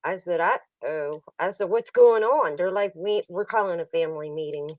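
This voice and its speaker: A woman's voice: on the low side, moderate pace, a little mellow, dry recording, recorded from a distance, rough recording. A middle-aged woman hosting a livestream, telling a family story in casual chat and laughing often. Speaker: livestream host.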